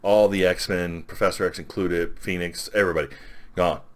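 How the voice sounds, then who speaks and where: A man's voice: low-pitched, fairly even intonation, normal speed. A man casually retelling a comic book story as a reviewer, with lots of fillers and quoted lines. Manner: rambling, filler-heavy recap with quoted lines.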